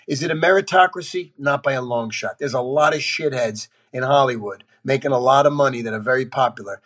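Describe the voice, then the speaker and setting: Blunt, husky-voiced man telling stories. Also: mid-range voice, fairly quick. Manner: blunt, animated storyteller who swears casually. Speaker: actor guest. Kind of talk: candid podcast conversation.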